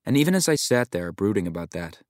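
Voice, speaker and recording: Low, dry-voiced male reader for a reflective short story, measured delivery. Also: very animated, dry recording. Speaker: story narrator. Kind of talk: audiobook narration of a short story.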